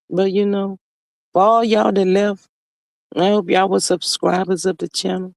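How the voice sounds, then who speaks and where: A man hosting a casual live stream on his phone, talking in a sassy, drawn-out way, calling viewers honey and child and reading their comments aloud. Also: high-pitched, little pitch movement, vocal fry, dry recording.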